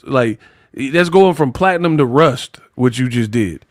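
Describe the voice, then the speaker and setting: A man's voice: medium pitch, animated, a little slow, dry recording, clean studio sound. Slangy mocking boxing commentator man.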